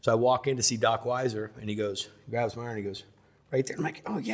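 A middle-aged man telling lively stories in a sit-down interview, acting out the voices of the people in them. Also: medium pitch, fast. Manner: animated storyteller, acts out voices of others. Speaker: interview guest.

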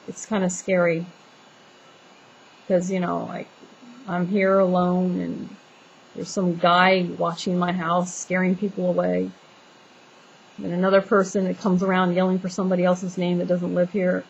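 A woman's voice: lowish voice, vocal fry, dull audio, a little hiss or hum. A woman venting in a casual vlog, talking in an exasperated, rambling way with many restarts and fillers. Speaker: homeowner venting to viewers.

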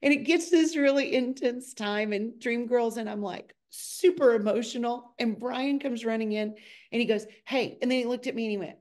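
A middle-aged woman, a choreographer, telling lively stories in a casual podcast chat, sometimes speeding up in bursts. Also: moderate pace. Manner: animated, acts out quotes with a high excited voice.

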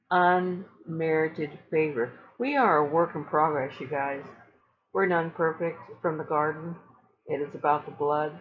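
A woman's voice: on the low side, highs cut off. A woman preaching casually to her viewers, earnest and emphatic, with repeated phrases for stress. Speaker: online Christian speaker.

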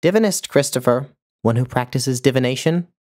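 A man voicing an imperious, theatrical older woman who barks orders in a shrill, commanding voice. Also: fairly quick, darkish tone, lightly acted. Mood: haughty. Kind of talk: audiobook character voice.

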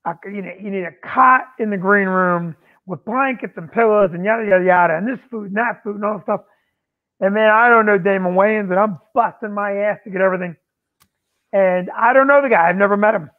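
High-voiced man on a tinny phone line. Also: fairly quick. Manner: animated storyteller acting out quotes. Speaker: comedy club owner and comedian. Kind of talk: casual storytelling on a podcast.

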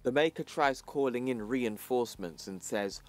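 A man hosting his channel, narrating a comic book story in plain, even storytelling and reading the characters' lines in his own voice. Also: mid-range voice, normal speed, faint music behind. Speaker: channel host.

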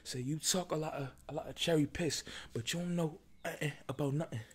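A man doing a jokey, clumsy attempt at a British accent as a cocky tough-talking man, with a breathy voice, in an ASMR ramble. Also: on the high side, a little fast, pitched above the performer's own voice. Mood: mock tough.

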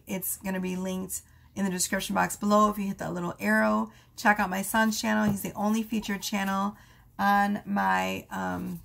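A woman giving a casual tarot reading, rambling with many fillers and asides, her voice going hoarse. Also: mid-range voice, a bit bright. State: losing her voice. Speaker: tarot reader.

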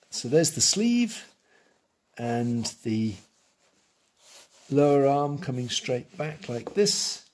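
A man's voice: medium pitch, a little mellow, a little hiss or hum. A man giving a live drawing tutorial, thinking aloud and correcting himself as he sketches. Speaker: art teacher.

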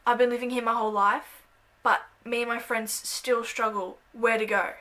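An Australian woman vlogging a playful, self-mocking comedic monologue to camera, breaking into loud bursts. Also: on the high side, level tone, normal speed.

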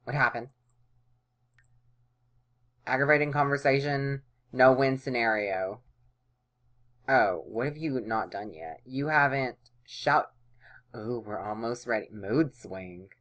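A woman's voice: a bass voice, takes it slowly, pauses often, fairly bright tone. A woman casually commenting on a life-simulation game she is playing, chatty and playful, sometimes voicing her characters' lines. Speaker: let's play host.

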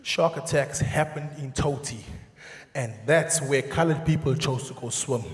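A South African man doing live stand-up comedy on a large theatre stage, animated and shouting his punchlines. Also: mid-range voice, measured pace, noisy background. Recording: echoey theatre hall with audience laughter.

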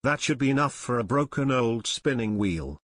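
A man voicing an impulsive, eager teenage boy detective, quick to protest. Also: mid-range voice, animated, a bit bright, no room sound, clean studio sound.

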